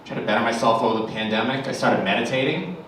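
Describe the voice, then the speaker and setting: A stand-up comedian, ranting sarcastically and with exasperation about family life on a club stage. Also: male voice, medium pitch, quick pace, fairly bright tone, slight background noise. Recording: echoey club from far off. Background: audience laughter.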